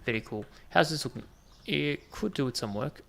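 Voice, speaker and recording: A man's voice: on the high side, lively intonation, normal speed, creaky, a bit bright. A man giving casual, jokey commentary while playing a game, bantering with the customers on screen. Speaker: gaming video host.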